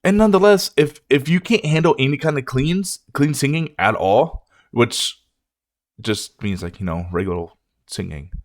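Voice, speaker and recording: A man's voice: medium pitch, lively intonation, moderate pace, no echo, clean studio sound. A man hosting a music reaction video, ranting in a casual, profane way.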